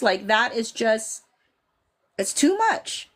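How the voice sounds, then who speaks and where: A chatty woman in her thirties hosts a casual live stream and answers the chat as she goes. She talks in an animated way, padded with "like" and "you know," and slips into dramatic quotes from the scenes she is describing. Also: on the high side, takes it slowly. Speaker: podcast host reading live chat.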